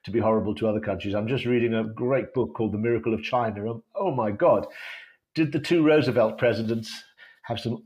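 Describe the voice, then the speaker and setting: A man's voice: lowish voice, brisk, a little mellow. A Welsh man, a guitarist, chatting casually in an interview, rambling with many restarts and fillers. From Wales. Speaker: guitarist in a band, guest.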